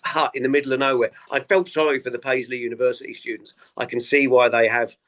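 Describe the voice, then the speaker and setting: A man's voice: mid-range voice, quick pace. Chatty male comedian telling tour stories. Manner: animated anecdotes, acts out quoted voices. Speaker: comedian guest. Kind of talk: casual interview storytelling.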